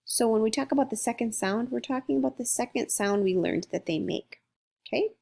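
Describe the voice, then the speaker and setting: A woman teaching a phonics lesson to young children, speaking slowly and clearly as she sounds out letters and syllables. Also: on the high side, mellow.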